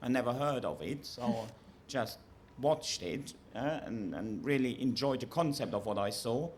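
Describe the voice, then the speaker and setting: A man's voice: medium pitch, expressive, unhurried, slight background noise. A man, a comedian on a panel, speaking dryly and laughing between remarks. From Germany. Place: festival venue before an audience.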